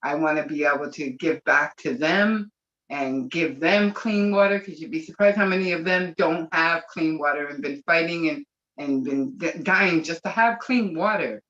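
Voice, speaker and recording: A woman's voice: low voice, normal speed, a bit bright. A woman speaking on a video call, rambling and gushing with emotion. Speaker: webinar participant. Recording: dull lo-fi call audio.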